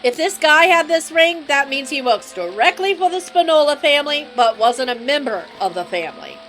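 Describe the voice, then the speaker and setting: A woman's voice: sits high, a bit bright, pitched above the performer's own voice. A woman voicing a brash male mobster informant with a put-on New Jersey accent, swaggering and sleazy. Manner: swaggering, sleazy tough-guy drawl.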